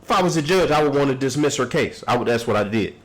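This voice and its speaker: A man's voice: medium pitch, quick pace, background noise. A man hosting a podcast, reacting to a court video in casual commentary, mocking and acting out people. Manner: animated, mocking, acts out people in quotes.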